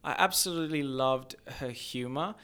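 A man talking about film in a casual podcast chat, animated and rambling, often restarting his sentences. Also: mid-range voice, moderate pace, clear, resonant tone.

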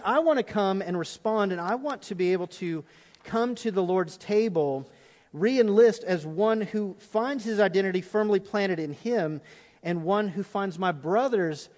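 A middle-aged pastor delivers an impassioned sermon in a high, light male voice. He swings between urgent preaching and hushed prayer. Long reverb from a big church auditorium trails after his words. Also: normal speed.

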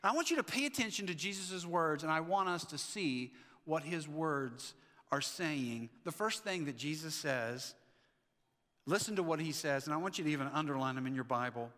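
A man preaching a sermon as pastor, animated, acting out the lines of the people in the story. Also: fairly high pitch, moderate pace, in a large hall. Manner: animated, acts out the Bible figures' lines. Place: church sanctuary.

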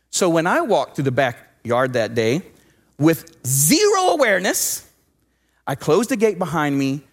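A man, a pastor from Southwest Texas, preaching a sermon and telling a personal story with animated swings between loud and hushed delivery. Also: high voice.

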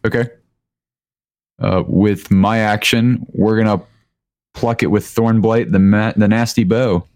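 A man playing a tabletop game, calling out rolls and damage in a relaxed, playful way with jokey sound effects. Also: lowish voice, measured pace, pauses often, dry recording. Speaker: player.

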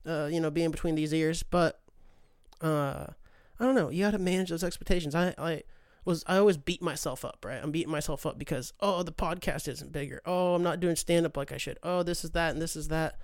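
A man's voice: on the high side, a little fast, smooth, no room sound, studio quality. A man hosting a podcast, rambling in a profane, self-deprecating monologue and saying dude a lot. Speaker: podcast host. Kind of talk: casual monologue.

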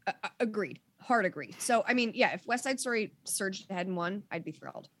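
A woman co-hosting a podcast in quick, enthusiastic casual chat. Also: mid-range voice, lively intonation, a bit bright. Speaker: podcast co-host.

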